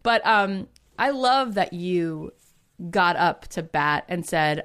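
A woman hosting a casual talk show, telling a personal story in an animated, emphatic way. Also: lowish voice, normal speed. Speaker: podcast host. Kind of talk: casual chat.

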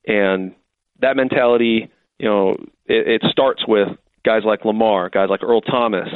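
A man from Texas with a fairly low voice, talking through a thin, phone-like line with no room echo. He rambles through his answers in a loose, casual way, circling back and restarting his sentences often. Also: steady tone, unhurried, clean tone. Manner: rambling, many restarts and fillers. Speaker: football player, kicker.

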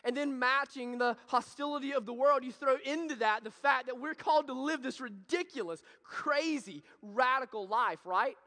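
Pastor, male, very high voice, impassioned repetitive sermon delivery, long hall reverb. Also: normal speed, few pauses. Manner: impassioned preaching with repetition, drops to soft intimate tones.

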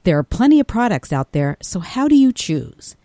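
A woman reading a radio news update, clear and measured. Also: mid-range voice, sing-song, dark tone, dry recording, studio quality. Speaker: news reader.

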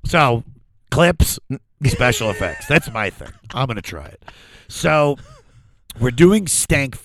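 A man from the Washington D.C. area, a comedian guest telling stories in casual podcast chat, animated and profane, acting out the voices of people he quotes. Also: mid-range voice, slow, a little hiss or hum.

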